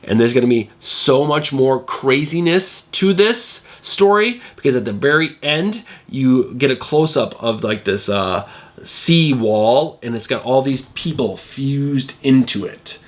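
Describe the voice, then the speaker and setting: A man's voice: medium pitch, measured pace. A middle-aged man hosting a comic book channel, sounding nasal from a cold, chatting in a rambling way with lots of fillers. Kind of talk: casual video review.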